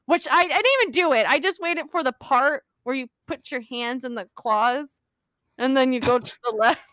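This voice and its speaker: Giggly high bright-voiced woman. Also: moderate pace, no echo. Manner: rambling and giggly, laughs often mid-sentence. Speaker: podcast co-host. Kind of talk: casual storytelling chat.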